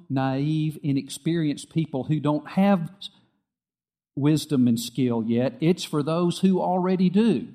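A middle-aged man preaching a sermon, earnest and repetitive, dropping soft and quiet when he tells a story. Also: mid-range voice. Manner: earnest, repeats phrases, drops soft for quoted dialogue. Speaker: pastor.

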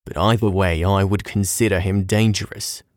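A man's voice: low-pitched, steady tone, normal speed, dry recording, studio quality, close to an everyday voice. A man voicing a hearty, worldly old distiller. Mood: grave. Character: hearty, wise male distiller, fond old friend.

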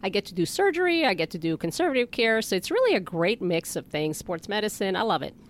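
A woman podiatrist, a guest on a health talk show, explaining foot problems in a relaxed, plain way with easy laughs. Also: medium pitch, quick pace. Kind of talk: casual interview talk.

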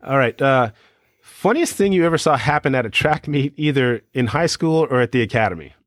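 A man's voice: medium pitch, lively intonation, a little fast, no room sound, clean studio sound. A man interviewing a guest, asking short questions and giving brief encouraging reactions.

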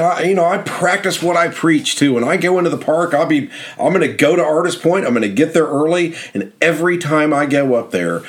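A middle-aged man hosting a podcast, telling stories in a casual, rambling, enthusiastic way. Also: medium pitch. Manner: rambling, enthusiastic, repeats words and restarts. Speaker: podcast host and guidebook author. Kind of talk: casual storytelling monologue.

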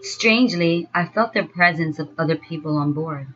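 A woman telling a first-person story in a slow, dreamy way. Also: deep voice, fairly bright tone. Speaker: narrator. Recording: dull lo-fi sound with faint music.

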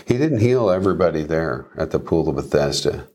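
Man, very low voice, faith discussion, emphatic rhetorical questions. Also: expressive, fairly quick, darkish tone. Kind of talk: conversational faith talk.

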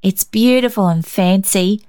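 A woman's voice: measured pace, smooth, no room sound, studio quality, close to an everyday voice. A woman reading a storybook, voicing an eager, decisive little girl of about five. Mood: earnest. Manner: excitable, decisive, high and squealing.

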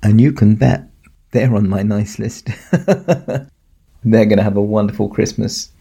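Gravelly, husky man telling a kids' story. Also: lowish voice, measured pace. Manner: chuckling, warm storybook telling to kids. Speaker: Santa performer telling a children's story. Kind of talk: storytelling to children.

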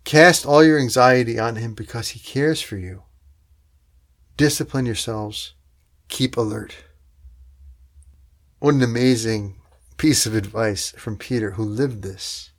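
A man preaching a sermon in an earnest, emphatic way, with rhetorical asides to his listeners, swelling louder on key words and then dropping soft. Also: fairly low pitch, measured pace, long pauses.

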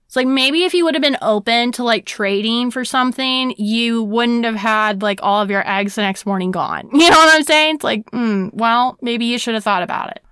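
A woman's voice: fairly high pitch, normal speed, hardly any pauses, fairly bright tone, clean tone, dry recording, studio quality. A young woman hosting a casual history talk, sassy and chatty, full of "like" and rhetorical questions. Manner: sassy, chatty, heavy use of "like". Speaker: podcast host.

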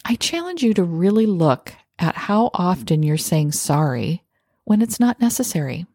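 A woman hosting a podcast, giving calm self-help advice and acting out short example phrases. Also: lowish voice, normal speed. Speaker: podcast host.

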